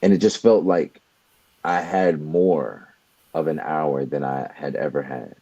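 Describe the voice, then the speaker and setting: A young man talks in an earnest, motivational way, often doubling back on his words as he builds toward a point. His voice sits very low and mellow. The recording is dry and a little dull, with no room sound. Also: fairly even intonation, a little slow, slightly rough, no echo. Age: young adult. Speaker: podcast co-host. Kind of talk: motivational talk.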